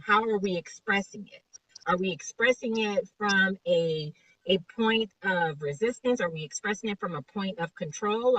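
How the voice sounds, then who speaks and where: A woman's voice: medium pitch, a bit bright, slightly rough, no room sound, recorded from a distance, muffled recording. A woman life coach, a guest in an interview, explaining motivational ideas with a string of rhetorical questions over remote call audio.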